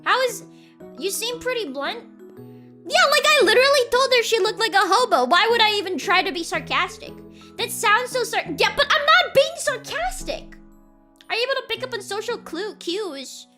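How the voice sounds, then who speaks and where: Super high bright young woman streamer, rambly and giggly, chats over soft music. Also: very animated, normal speed. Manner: rambling, laughing, insistent repeats. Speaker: streamer reading chat. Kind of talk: casual chat.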